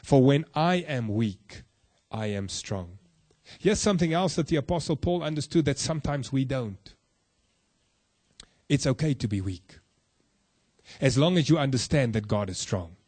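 Man, preacher, sermon, earnest, direct questions to the listeners, slow emphatic phrasing, dry close recording. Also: animated, dry recording. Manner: slow emphatic phrasing with soft low drops. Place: room with a congregation.

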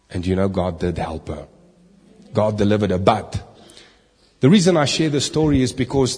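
A man preaching, telling a story animatedly and re-enacting the dialogue, with slow, emphatic stresses. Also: on the low side, a little mellow, slightly rough. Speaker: pastor. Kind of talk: sermon storytelling. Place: church. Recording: long reverb of a hall.

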